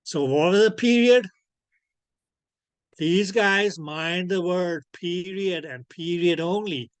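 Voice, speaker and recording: Higher-pitched male teacher, dry close sound. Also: takes it slowly, no room sound. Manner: checks understanding constantly with "clear?" and "okay"; peppers speech with filler "okay, yes". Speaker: ultrasound physics teacher. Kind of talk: online lecture. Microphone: computer mic on a video call.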